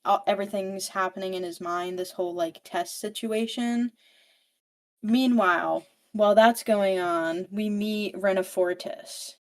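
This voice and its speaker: A young woman on a book podcast recaps a plot in an easy, animated rush, with plenty of swearing. Her voice sits at an ordinary middle pitch. She sounds casual and unscripted. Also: a little slow. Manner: profane, animated storytelling.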